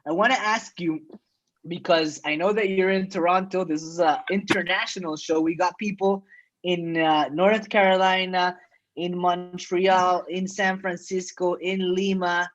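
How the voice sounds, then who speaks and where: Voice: mid-range voice, fairly even intonation, measured pace. A host running an online comedy show over a video call, chatty and teasing. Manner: chatty, teasing, laughs easily. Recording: muffled video call audio.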